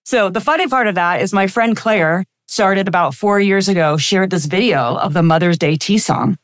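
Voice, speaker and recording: A woman's voice: medium pitch, normal speed, no room sound. Reflective storytelling woman in her fifties. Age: 50s. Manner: reflective, anecdotal, with frequent fillers. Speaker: chiropractor and practice owner, podcast guest. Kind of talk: casual interview storytelling.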